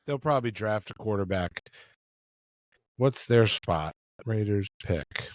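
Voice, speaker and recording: A man's voice: fairly low pitch, lively intonation, slow pace, no echo. Joking man on a dry call mic. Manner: joking, rambling with restarts. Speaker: podcast co-host. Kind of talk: casual sports chat. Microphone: remote call mic.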